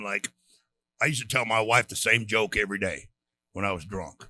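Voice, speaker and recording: A middle-aged American man with a very bright, forceful voice tells war stories with blunt, profane emphasis. He co-hosts a casual show, speaking as a retired Marine. The sound is close and dry. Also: lowish voice, moderate pace, no room sound. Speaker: co-host, retired Marine gunnery sergeant. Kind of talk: casual storytelling chat.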